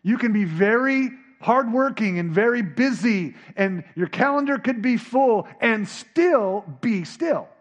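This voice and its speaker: A man preaching a sermon, dropping to a hush and then rising to near shouts as he acts out scripture. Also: extremely high pitch, expressive, a little slow, hardly any pauses, muffled recording. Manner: dramatic, swinging from hushed to shouting. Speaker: pastor.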